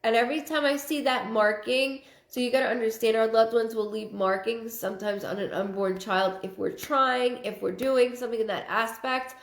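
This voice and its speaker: A woman's voice: fairly high pitch, steady tone, moderate pace, few pauses. A woman psychic medium hosting a live stream, reading out viewer comments and thinking aloud in fragmented, repeated phrases. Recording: roomy echo.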